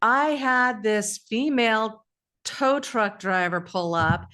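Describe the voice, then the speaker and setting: A woman's voice: fairly high pitch, slow pace, a bit bright, clear, resonant tone. A woman co-hosting a casual spiritual podcast, talking in a reflective, storytelling way with frequent restarts. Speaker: podcast co-host.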